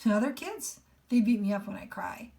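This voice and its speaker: A woman's voice: medium pitch, expressive, moderate pace, gravelly, warm tone. A woman reading as Junior, a shy hurt teenage boy. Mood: pleading.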